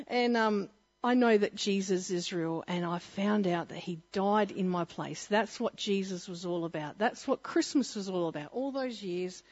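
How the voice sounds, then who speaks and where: A woman's voice: mid-range voice, measured pace, darkish tone, muffled recording. A woman sharing her personal testimony at church, earnest and often laughing as she restarts her sentences.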